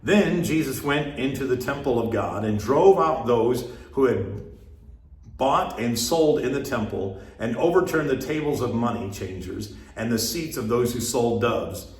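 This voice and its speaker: A man reading scripture aloud at a measured, steady pace, pausing between phrases. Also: mid-range voice, far from the mic. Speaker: scripture reader. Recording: roomy echo.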